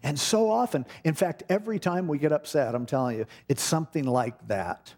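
A middle-aged man preaching a sermon, telling a personal story with animated delivery and acting out the voices in it. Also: fairly high pitch, fairly quick. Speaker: pastor.

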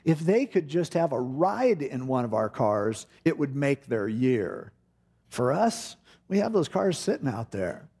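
A middle-aged man preaching a sermon, telling a personal story with animated delivery and acting out the voices in it. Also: mid-range voice, a little slow, breathy edge. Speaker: pastor.

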